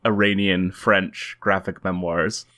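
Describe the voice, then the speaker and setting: A Canadian man with a fairly low voice co-hosts a casual podcast. He jokes in a dry, deadpan way and laughs often. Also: takes it slowly. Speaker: podcast co-host.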